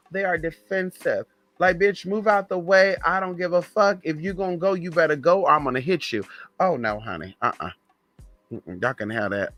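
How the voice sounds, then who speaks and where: A young man from the Southern US, hosting a casual live stream, who talks in a sassy, flamboyant way, calls his viewers honey and drops into low muttered asides. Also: fairly bright tone, no echo.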